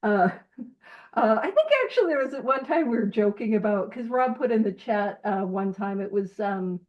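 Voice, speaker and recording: A woman leading a casual group study, reading aloud and explaining in an animated, emphatic way with jokey asides, heard over a video call. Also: medium pitch, normal speed, dull audio.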